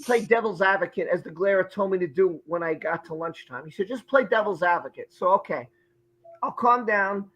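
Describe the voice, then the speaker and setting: A man's voice: high voice, normal speed, fairly bright tone, rough recording. A man hosting a livestream, ranting heatedly and swearing as he gives commentary. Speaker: show host.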